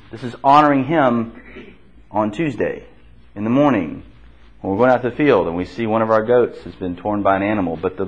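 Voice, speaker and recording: A man's voice: fairly low pitch, breathy edge. A man teaching an interactive Bible class. He poses questions to the group and repeats their answers back to them. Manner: conversational, with restarts. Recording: dull lo-fi classroom recording.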